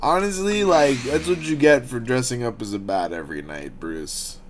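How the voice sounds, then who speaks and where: A man's voice: medium pitch, expressive, moderate pace, music in the background. A young adult man chatting casually on a livestream, rambling and joking with frequent swearing. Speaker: streamer.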